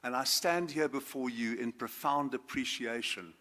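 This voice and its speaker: Standing in front of a school assembly, a former judge from South Africa, now in his seventies, addresses the students formally. His delivery is measured, with a bright, forceful mid-range voice that rises on important words.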